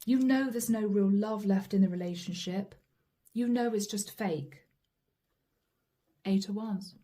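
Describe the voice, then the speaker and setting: A woman's voice: mid-range voice, measured pace, dark tone. A woman giving a channeled tarot reading to her viewers, chatty and dramatic, acting out little quotes as she lays down the cards. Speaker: tarot reader.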